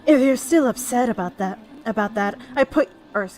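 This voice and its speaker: A woman voicing an earnest young warrior priestess in a video game, with a breathy voice and an urgent way of speaking. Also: a little high, moderate pace, a little mellow, close to an everyday voice.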